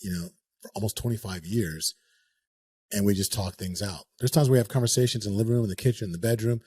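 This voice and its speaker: A man in his forties, a podcast guest, talking in a relaxed, joking way with many pauses and fillers, with a husky voice. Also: on the low side. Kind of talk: conversational interview.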